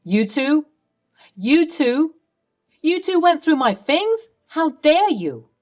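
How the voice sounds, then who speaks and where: A woman's voice: mid-range voice, big pitch swings, normal speed, lightly acted. A woman doing a sneering shady stepdad. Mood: indignant. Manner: defensive and sneering. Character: shady, blustering stepfather caught out.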